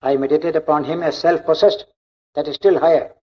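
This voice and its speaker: Man doing an ancient king, slow firm lines, dull lo-fi sound. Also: fairly high pitch, steady tone, natural voice. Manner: slow, measured, emphatic. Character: humble ancient king teaching a sage. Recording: dull lo-fi recording.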